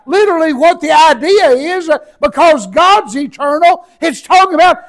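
Shouting now and then for emphasis, a man delivers a sermon and slowly reads out scripture, full of repeated words and fillers. The recording is rough, and his voice is very high.

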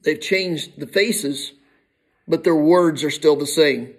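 A man preaching a sermon, emphatic, swinging from soft asides to shouted appeals. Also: fairly high pitch, slow pace, poor audio.

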